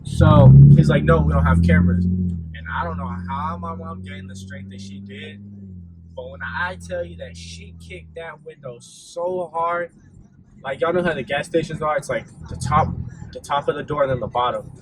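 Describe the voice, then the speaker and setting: A man's voice: fairly high pitch, animated, normal speed. A young man casually telling a storytime vlog, laid-back and rambling with lots of fillers. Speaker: vlogger. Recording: audible background noise.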